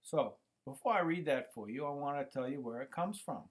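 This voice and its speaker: A man's voice: medium pitch, animated, fairly quick. A middle-aged man talking to camera on his own channel, rambling with many fillers and restarts, recorded on a computer microphone. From United States. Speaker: YouTube channel host. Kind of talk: casual monologue to camera.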